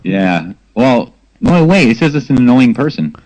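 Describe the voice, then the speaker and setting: A man's voice: mid-range voice, sing-song, normal speed, a little mellow, no room sound, poor audio. An American man co-hosting a casual online radio show, teasing and playful. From United States. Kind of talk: casual banter.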